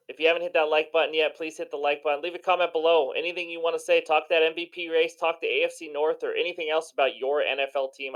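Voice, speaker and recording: A man with a slightly raised voice rattles through his sports betting picks at a rapid clip. He sounds hoarse but stays enthusiastic and chatty, with a self-deprecating streak. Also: a little high, fairly bright tone, low-quality recording. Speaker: sports betting channel host. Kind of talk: energetic sports betting commentary.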